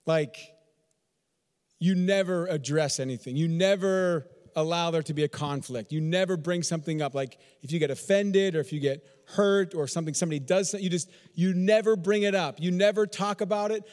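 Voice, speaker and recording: A man with a high voice preaches from Texas-born conviction, stacking repeated phrases and rhetorical questions. His sermon rings out with a long reverb, as if in a large sanctuary. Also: normal speed, a little mellow. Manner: repetitive, emphatic rhetorical questions. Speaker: pastor.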